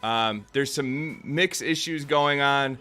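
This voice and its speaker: A man's voice: mid-range voice, takes it slowly, sharp tone. A man hosting a music feedback show, easygoing and casual, introducing songs and giving mix notes. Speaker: show host. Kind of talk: casual panel talk.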